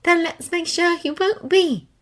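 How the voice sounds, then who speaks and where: A woman voicing a caring teenage girl witch who speaks softly and soothingly. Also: extremely high pitch, a little slow, voice pushed up. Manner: soft and soothing.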